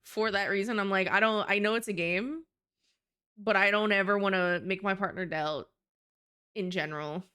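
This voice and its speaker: Young adult woman streamer, mid-pitched and smooth, rambling casual chat with fillers and swearing. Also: fairly even intonation, normal speed, bright, forceful tone.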